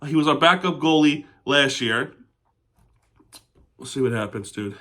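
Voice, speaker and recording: A man's voice: medium pitch, measured pace, sharp tone. A man recapping a hockey game as a devoted fan, talking casually about the plays and turning to angry, swearing rants at the referees. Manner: fan of the team, says "we" and "our". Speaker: sports fan recap vlogger.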